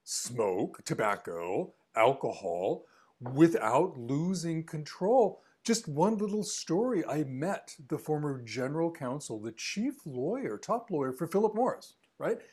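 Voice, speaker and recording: A man's voice: fairly high pitch, sing-song, measured pace, darkish tone, breathy edge. A man being interviewed as an author, explaining his points thoughtfully and often restarting phrases. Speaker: author guest. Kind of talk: conversational interview.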